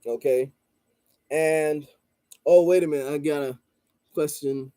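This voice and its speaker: A man telling a story in a casual monologue, rambling and repeating "you know" and "blah, blah", calm and measured. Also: fairly high pitch, no room sound. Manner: calm and measured, stresses listening before responding. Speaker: channel host and street vendor.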